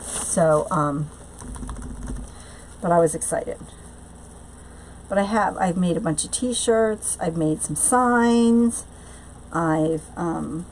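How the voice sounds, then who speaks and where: A woman's voice: lowish voice, a little mellow, a little hiss or hum, low-quality recording. A woman hosting a live-streamed craft tutorial from home, chatting loosely, answering viewers' comments aloud and often trailing off into fillers and restarts. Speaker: craft channel host.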